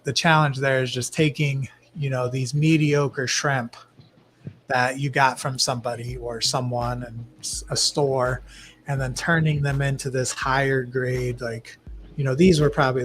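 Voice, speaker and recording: Chatty man telling breeding stories. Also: medium pitch. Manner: rambling, animated storytelling with acted-out quotes. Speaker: guest shrimp breeder. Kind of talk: casual livestream interview.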